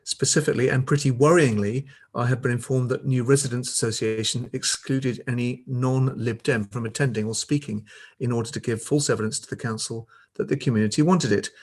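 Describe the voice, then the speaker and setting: A man's voice: mid-range voice, steady tone, fairly quick, a little mellow. A man reading a critical prepared statement to a council meeting over a video call, with pointed emphasis. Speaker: public speaker at council meeting. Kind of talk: prepared statement read aloud.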